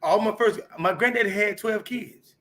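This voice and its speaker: A man in his fifties from Chicago, telling his life story on a podcast in an animated, profane, emphatic way. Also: high voice, moderate pace. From Chicago, United States. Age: 50s. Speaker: comedian guest. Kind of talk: candid storytelling.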